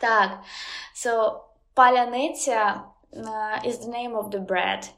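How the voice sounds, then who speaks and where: A woman's voice: fairly high pitch, steady tone, takes it slowly, a bit bright. A woman with a Ukrainian accent, a guest in a casual interview, speaking hesitantly with many ums and uhs. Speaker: guest, language teacher.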